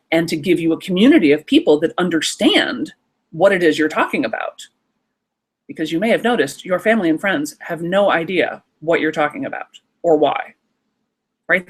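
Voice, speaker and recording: A woman runs a live creativity workshop in an animated, conversational tone. She speaks straight to her listeners and keeps checking in with them as she goes. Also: low-pitched. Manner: lively, animated, talks directly to listeners. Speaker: workshop teacher, creativity coach. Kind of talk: live online workshop talk.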